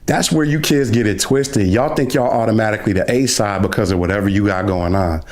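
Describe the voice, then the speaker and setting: A middle-aged man, a gaming streamer, delivering a loud, aggressive trash-talking rant on a live reaction stream. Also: on the low side, brisk. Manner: loud, aggressive trash talk, calls the other player "son".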